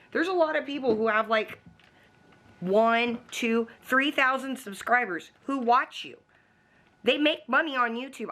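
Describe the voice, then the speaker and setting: A woman's voice: on the high side, bright, forceful tone. A woman vlogging from home in a casual, blunt, profane rant aimed straight at the camera. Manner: talks to the camera.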